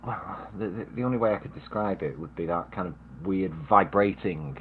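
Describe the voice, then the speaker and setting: A man's voice: sits low, normal speed, narrow, tinny audio, background noise. A man chatting playfully on a stream call, often teasing the others. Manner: playful and teasing, jokes around. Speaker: guest on a stream chat. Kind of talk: casual stream chat.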